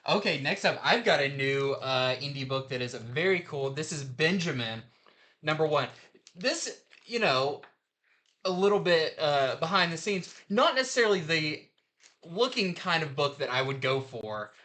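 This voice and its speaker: A man's voice: on the high side, expressive, moderate pace, bright, forceful tone. A man giving a casual, rambling review of new comic books on a show he co-hosts. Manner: chatty, rambling retelling with fillers.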